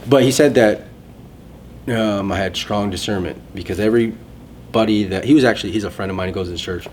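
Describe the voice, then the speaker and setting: A man's voice: lowish voice, a little fast, a little mellow, a little hiss or hum. A man in casual conversation, sharing a personal testimony in a rambling, self-interrupting way.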